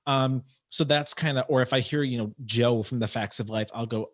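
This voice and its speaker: Hosting an interview podcast at a moderate pace and medium pitch, a man describes his work as a medium. His talk is casual and rambling, with many false starts.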